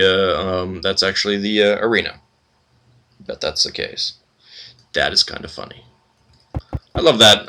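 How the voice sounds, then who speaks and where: A man's voice: on the low side, pushed and bright, a little hiss or hum. A man hosting a let's play, reading game text aloud and commenting casually with wry asides.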